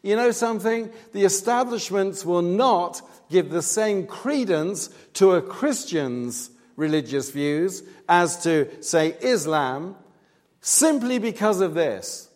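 A man delivers a sermon, earnest and emphatic. His voice sits a little high for a man. A long reverb from the church hall trails after each phrase. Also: animated, slow. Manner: earnest, emphatic, rising to loud stress on key points. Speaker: preacher.

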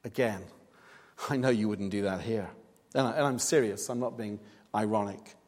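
A man's voice: fairly low pitch, moderate pace, darkish tone. A man preaching a sermon in a church, earnest and emphatic, pressing hard on his key points. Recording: long reverb, hall-like.

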